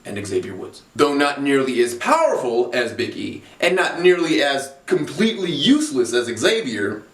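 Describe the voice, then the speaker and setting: A man delivers comedic roast commentary, mocking and swearing freely, with a voice that leaps around in pitch. He sits a little away from the microphone in an echoey room. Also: normal speed, far from the mic. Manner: animated, profane, mocking. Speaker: comedy video creator.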